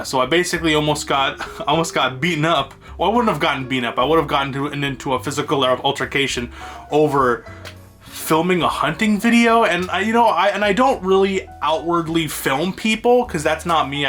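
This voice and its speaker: Man, casual rambling vlogger on a phone mic, bright tone, faint music under. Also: a little high, normal speed. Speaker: video blogger. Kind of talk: casual storytelling to camera. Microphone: phone held by himself.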